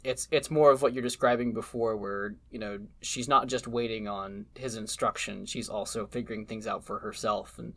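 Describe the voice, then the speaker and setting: A man's voice: lowish voice, fairly even intonation, normal speed, few pauses, fairly bright tone. Man, casual podcast talk, hesitant delivery, restarts often. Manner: hesitant, lots of ums and restarts. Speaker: podcast co-host. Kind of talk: casual anime review chat.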